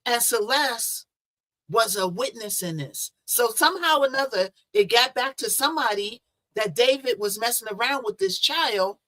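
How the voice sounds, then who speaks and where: Woman host, bright voice, casual and talky, tosses in rhetorical questions. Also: a little high, animated, moderate pace. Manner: chatty, conversational, rhetorical asides. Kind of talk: casual commentary on a news case.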